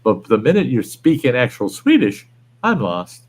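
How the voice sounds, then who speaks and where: A man's voice: mid-range voice, wildly swooping pitch, moderate pace, a little mellow. A man hosting a livestream, chatting casually, rambling and reading viewer comments aloud. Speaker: livestream host. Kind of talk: casual chat.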